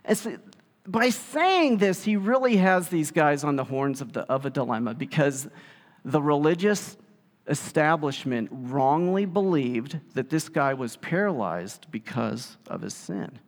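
A man preaching a sermon, telling the story in a lively way and acting out the quotes. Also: on the high side, a little slow. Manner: animated storytelling, acts out quotes. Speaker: pastor. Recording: long hall reverb.

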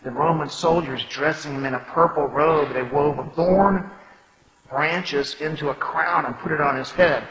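A man's voice: on the high side, unhurried, crowd noise. A man preaching a sermon, explaining scripture in a conversational way and reading verses aloud. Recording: echoey hall with long reverb.

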